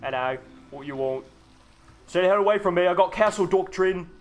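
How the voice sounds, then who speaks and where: A man putting on a poor British accent to voice a cranky, threatened character in a game, loud and defensive. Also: sits high, a little fast, soft background music, pitched above the performer's own voice, close to an everyday voice. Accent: mock British.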